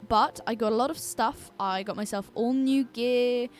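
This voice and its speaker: A woman's voice: a little high, normal speed. Chatty young British woman gamer. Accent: British English. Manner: chatty and rambling, with giggles and mild cursing. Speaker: gaming YouTuber. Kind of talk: casual gameplay commentary. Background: her own song playing faintly.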